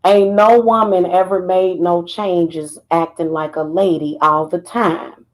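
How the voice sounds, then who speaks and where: Animated, sassy woman vlogger. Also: fairly low pitch, unhurried, rough recording. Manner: animated, laughing, singing snatches of a chorus; sassy, defiant. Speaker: spiritual vlogger. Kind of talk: casual livestream chat.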